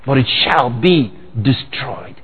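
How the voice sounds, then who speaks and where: A man preaching a sermon, dramatic, bursting into sudden shouts. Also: medium pitch, slow pace, slightly rough, big-room sound, phone-quality sound.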